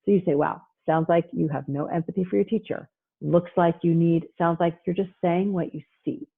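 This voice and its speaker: Husky woman therapist on a tinny call. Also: on the low side, moderate pace. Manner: lively, acts out child and parent voices. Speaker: therapist giving a parenting talk. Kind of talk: animated online presentation. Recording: husky voice over a tinny phone-like line.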